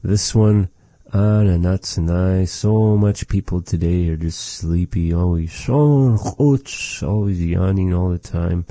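A man teaching vocabulary in a casual lesson, repeating each word slowly with chatty asides. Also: low-pitched, mellow, dry recording. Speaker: language teacher.

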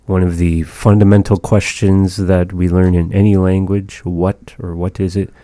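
A man teaching phrases of a language, sounding them out slowly and pausing to find his words. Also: low voice, flat delivery, dark tone, no room sound. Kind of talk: slow, patient language lesson.

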